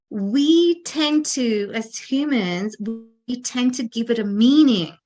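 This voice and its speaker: A woman's voice: high-pitched, lively intonation, takes it slowly, hardly any pauses. A woman co-hosting a talk show, giving an earnest motivational talk with frequent restarts and fillers. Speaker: podcast co-host.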